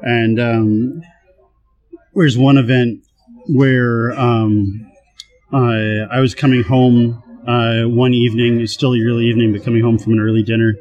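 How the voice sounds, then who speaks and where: A software team manager, a guest in a casual interview, tells work stories in an animated way, laughing often and acting out other people's lines. His mid-range voice is unhurried, and the highs are cut off.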